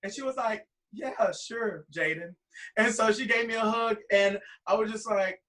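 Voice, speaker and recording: A drag performer guest telling a long, rambling anecdote full of quoted dialogue. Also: male voice, sits high, normal speed, pushed and bright, recorded from a distance, low-quality recording. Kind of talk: animated storytelling.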